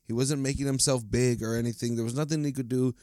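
A man's voice: medium pitch, fairly even intonation, fast talker, dark tone, no echo, clean studio sound. A man hosting a solo podcast, rambling and heated, swearing constantly as he vents. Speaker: podcast host. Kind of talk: casual solo podcast rant.

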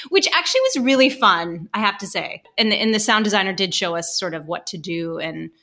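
A woman talking as a guest on a podcast, chatty and animated, laughing often, recorded remotely. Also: mid-range voice, fairly quick, hardly any pauses. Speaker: podcast guest, stage performer. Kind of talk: casual podcast chat. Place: remote call, away from the hosts.

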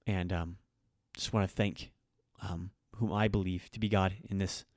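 A man with a lowish voice hosts a podcast, talking slowly with many pauses and ums. His emotion shows as he thanks his listeners. The sound is dry and close. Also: fairly even intonation, no echo. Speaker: podcast host. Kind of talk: heartfelt spoken thanks.

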